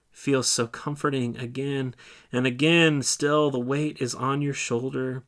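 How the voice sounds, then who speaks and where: A man with a mid-range voice leads a guided scripture meditation, speaking softly to his listeners. He paces the images slowly and lingers in his pauses. He asks them questions as they imagine the scene. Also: medium pitch. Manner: slow, soft, second-person guiding with lingering pauses. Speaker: church speaker leading a meditation.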